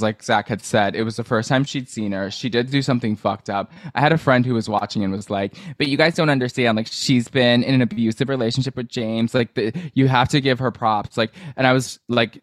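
A man talking over a reality-TV recap in a blunt, profane, gossipy way. His voice sits at a middle pitch and sounds dry, close and unreverberant. He speaks casually, with plenty of fillers. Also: no room sound. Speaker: podcast co-host. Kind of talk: casual chat.

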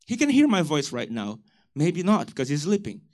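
A man preaching a church sermon, building to loud, emphatic calls to the congregation. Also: a little high, wildly swooping pitch, normal speed. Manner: preaching with rising shouted emphasis and call-and-response. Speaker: pastor.

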